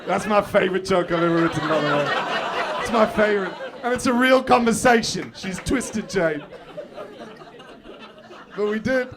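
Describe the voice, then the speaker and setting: A man doing live stand-up on a comedy club stage, swinging from muttered asides to shouted outbursts. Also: sits high, normal speed. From South Africa. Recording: live club recording with crowd laughter. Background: audience laughter.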